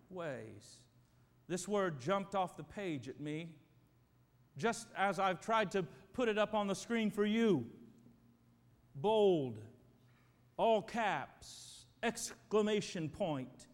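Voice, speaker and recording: A man preaching as a pastor, praying emphatically and calling on his congregation to answer. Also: sits high. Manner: emphatic, prayerful, calls for congregation responses. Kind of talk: sermon. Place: church sanctuary. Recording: reverberant church hall.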